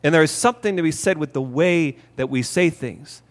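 A man with a slightly higher-than-usual voice preaches a sermon in an earnest, emphatic way, repeating key phrases to drive them home. His voice rings out with the long reverb of a church sanctuary. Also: a little fast. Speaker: pastor. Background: hall reverb.

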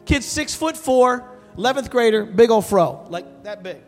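A man preaching a sermon as pastor, telling a story with animated, emphatic delivery and calling out to the congregation. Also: very high-pitched, moderate pace. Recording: long hall reverb with soft music behind.

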